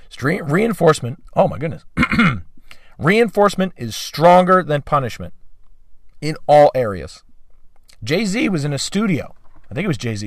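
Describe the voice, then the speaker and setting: A man giving a talk on dog training, emphatic and repetitive, acting out short quoted voices and clearing his throat now and then. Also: a little high, no room sound, studio quality. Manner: emphatic, repeats key phrases, acts out quoted voices.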